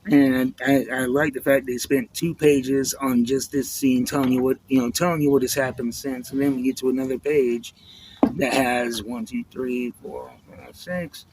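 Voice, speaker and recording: A man reviewing a comic book in a relaxed, reflective way, leaning on "you know" as he talks it through. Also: medium pitch, moderate pace, a little hiss or hum, low-quality recording. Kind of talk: casual spoken review.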